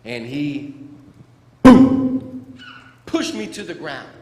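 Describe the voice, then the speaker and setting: Animated male speaker in an echoey hall. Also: on the high side, drawn-out words, faint music behind. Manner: animated, playful, acts out sound effects. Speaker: motivational speaker. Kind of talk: storytelling speech to students. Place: large school hall. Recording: echoey hall with faint room noise.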